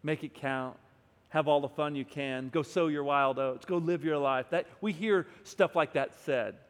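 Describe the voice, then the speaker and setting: A man preaching a sermon and reading scripture aloud, moving between hushed stretches and loud, emphatic ones. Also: mid-range voice. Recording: long hall reverb.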